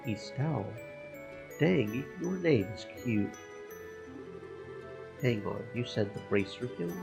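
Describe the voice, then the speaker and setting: A man reading Kevin, a gravelly flirting priest. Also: mid-range voice, animated, slow pace. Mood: friendly. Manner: teasing, easygoing banter. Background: game music.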